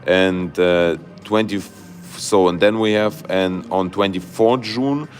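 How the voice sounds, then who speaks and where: Low-voiced man streaming live chart commentary. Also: slow, faint music behind. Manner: excitable, loose grammar, many fillers and "guys". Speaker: crypto livestream host.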